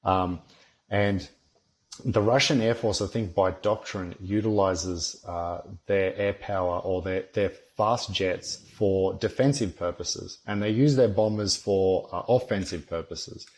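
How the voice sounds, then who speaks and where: A man's voice: sits low, steady tone, measured pace, a little mellow. A man, a former soldier, talking bluntly and rambling in a casual podcast chat, swearing constantly.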